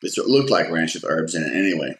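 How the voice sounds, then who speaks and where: Man, deep voice, loose anecdotal storyteller, pops up for quoted lines; roomy echo. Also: very animated, fast talker, fairly bright tone. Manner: rambling, many fillers and restarts; acts out quotes in a raised voice. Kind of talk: casual personal storytelling.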